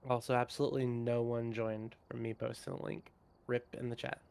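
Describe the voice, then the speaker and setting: A man in casual gaming chat on a voice call, getting excited and talking fast about what he likes. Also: mid-range voice, vocal fry, clean tone. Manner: excitable, talks fast when hyped. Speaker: podcast co-host.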